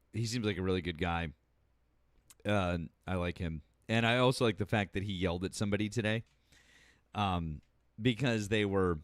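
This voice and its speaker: Low-voiced, halting male stream host. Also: dry recording, studio quality. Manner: halting, many fillers and restarts, swears freely. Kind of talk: casual chat.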